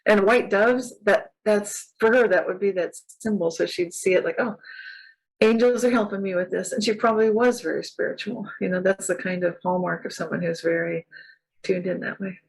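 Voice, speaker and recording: A woman's voice: mid-range voice, fairly even intonation, normal speed, creaky, slightly rough, rough recording. Woman, guest author, from California, enthusiastic, laughs often, chatty. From California, USA. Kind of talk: casual interview chat.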